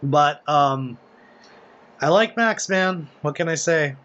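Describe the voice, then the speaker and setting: A man's voice: on the high side, expressive, takes it slowly, a bit bright, dull audio. A man giving casual audio commentary on his own video, rambling with many fillers and restarts. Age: adult. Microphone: voice-over commentary mic.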